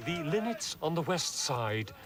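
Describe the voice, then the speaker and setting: An actor playing an anxious royal architect who makes excuses. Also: male voice, on the high side, big pitch swings, unhurried, very noisy. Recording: distant voice, loud music.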